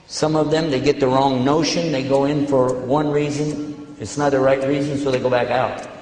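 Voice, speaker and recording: An older man speaks to an audience through a handheld microphone, his voice a little high for a man. He tells his stories in an animated way. The sound rings with long reverb in a large hall. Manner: storytelling, animated when retelling events. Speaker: preacher answering questions. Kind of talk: public talk to an audience.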